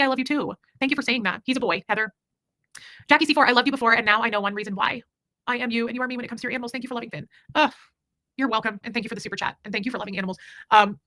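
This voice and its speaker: A woman's voice: on the high side, pushed and bright, no room sound. A woman hosting a livestream, reading super chats in a rambling, emphatic way and swearing freely. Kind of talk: casual livestream chat.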